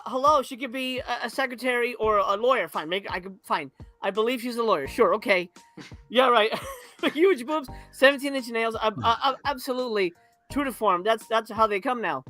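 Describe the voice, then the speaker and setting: A man's voice: extremely high pitch, normal speed, sharp tone, soft background music. A man on a movie review panel, talking in a crude, sarcastic, rambling way and laughing often. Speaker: podcast panelist. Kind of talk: casual movie review chat.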